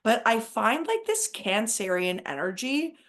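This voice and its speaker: A woman's voice: fairly high pitch, measured pace. Woman podcast co-host, chatty and rambling, casual spiritual talk. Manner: rambling and excitable, heavy use of "like".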